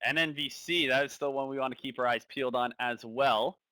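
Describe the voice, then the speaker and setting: A man's voice: medium pitch, steady tone, a little fast, bright, forceful tone, no room sound. A man giving casual live commentary on a stock trading stream, thinking aloud and repeating phrases.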